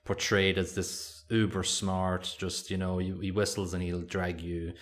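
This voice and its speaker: A podcast co-host chats casually, rambling and hesitant, with plenty of fillers. His voice is low and a bit bright, with a flat delivery at a measured pace.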